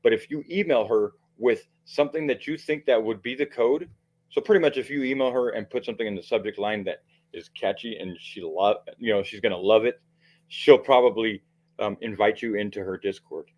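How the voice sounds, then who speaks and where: Low-voiced guy ranting on his stream, lots of swearing, keeps restarting his sentences. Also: fairly quick, a little mellow. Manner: profane, heated, rambling with restarts. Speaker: livestream commentator. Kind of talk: ranting livestream commentary.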